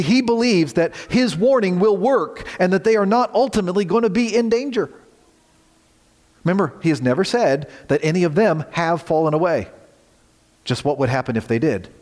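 A male pastor delivers an earnest sermon in a fairly high voice. He swings between strong emphasis and soft, hushed lines. His voice rings with the long reverb of a large hall.

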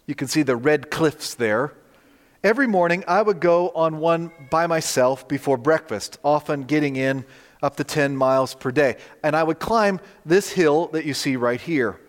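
Male pastor, storytelling sermon, slightly high voice, long hall reverb. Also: normal speed. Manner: storytelling, conversational, animated in quoted dialogue. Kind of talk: sermon with slides.

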